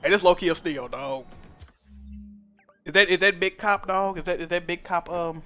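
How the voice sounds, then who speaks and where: A young man streaming a game, telling stories in animated, profane slang. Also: sits high, moderate pace, soft background music. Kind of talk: casual chat while gaming.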